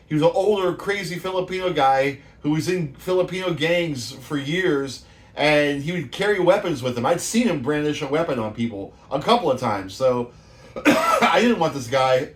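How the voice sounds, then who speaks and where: A man in his fifties from the San Francisco Bay Area tells rambling stories with a lot of swearing. His voice sits a bit high for a man. He often laughs at his own tales. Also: lively intonation, moderate pace. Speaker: show host. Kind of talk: casual storytelling monologue.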